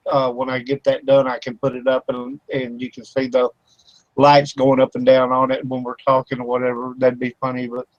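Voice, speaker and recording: A man hosts an internet radio talk show from his home studio, chatting casually and telling a rambling story with plenty of fillers and laughter. His mid-range voice is completely flat at normal speed, and the recording sounds muffled.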